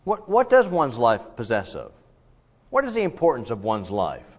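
A man's voice: medium pitch, normal speed. A man preaching a conversational sermon, asking his listeners questions and adding his own asides. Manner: conversational, animated, asks the congregation questions. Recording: slightly dull lo-fi recording.

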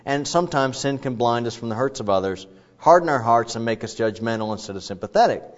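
A male preacher working through scripture in a relaxed, conversational way, wandering into asides before returning to his point. His voice sits at a middling pitch. The recording sounds dull and lo-fi. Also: quick pace. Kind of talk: expository sermon.

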